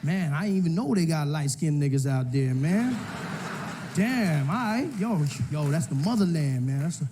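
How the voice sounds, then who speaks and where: A man voicing a brash, excitable male comedian who stammers and talks in slang. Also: medium pitch, unhurried, noisy background, natural voice. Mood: hyped.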